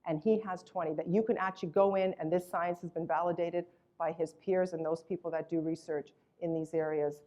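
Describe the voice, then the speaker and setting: A woman's voice: on the low side, fairly even intonation, a little fast, dark tone. A woman giving an enthusiastic, emphatic sales presentation about her company's products. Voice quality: acts out voices when retelling a story.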